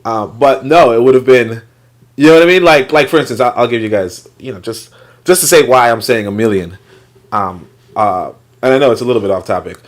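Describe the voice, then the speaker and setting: A man's voice: medium pitch, fairly quick. A man hosting a book reading, talking in a loose, rambling way with many fillers and some swearing. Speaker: host reading and commenting on a book. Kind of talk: casual livestream commentary.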